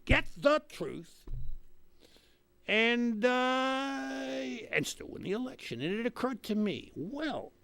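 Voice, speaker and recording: A man's voice: very high-pitched, big pitch swings, takes it slowly, vocal fry, a bit bright, pitched above the performer's own voice, full character voice. Pep, a man playing a pompous old politician. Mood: rambling. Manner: pompous, rambling, mocking voices of others. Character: pompous retired male politician monologuing from his estate. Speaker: comic character host. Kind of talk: comic character monologue.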